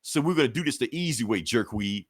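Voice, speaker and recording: A man's voice: medium pitch, expressive, fast, no echo, clean studio sound, natural voice. A man doing a taunting superhero tough guy. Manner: taunting, casual slangy delivery. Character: gruff male superhero soldier, menacing and deadpan.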